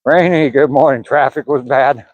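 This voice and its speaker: An older Southern man ambles along a wooded trail, chatting with his livestream viewers in an easygoing, rambling way. His voice sits at an ordinary pitch for a man. The phone audio is somewhat dull and dry, with no room around it. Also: normal speed, no echo. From Southern US, Georgia. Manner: easygoing, rambling, chuckling, reading chat aloud. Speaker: vlogger livestreaming a walk. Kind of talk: casual livestream chat while walking. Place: outdoors on a walking trail by pine woods. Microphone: phone camera held while walking.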